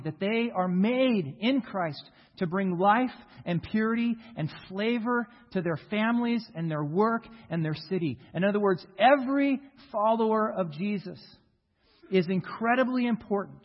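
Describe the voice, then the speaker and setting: An American man, a pastor, preaching a sermon earnestly and emphatically, leaning on key words, in a church sanctuary. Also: sits high. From United States. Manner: earnest, emphatic preaching with slow stressed phrases. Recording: reverberant hall, dull lo-fi sound.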